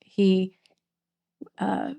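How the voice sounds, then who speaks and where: A middle-aged woman, a podcast host being interviewed, recounting a painful family loss in a halting, emotional way. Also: mid-range voice, vocal fry, mellow. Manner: halting, restarts and voice breaking with emotion. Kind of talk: emotional personal storytelling in an interview.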